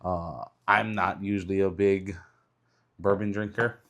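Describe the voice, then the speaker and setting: A young adult man with a stuffed-up, congested voice, giving a relaxed, chatty vlog update. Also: deep voice, unhurried, no room sound. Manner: relaxed, chatty, many ums. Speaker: car salesman vlogger. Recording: background noise behind the voice.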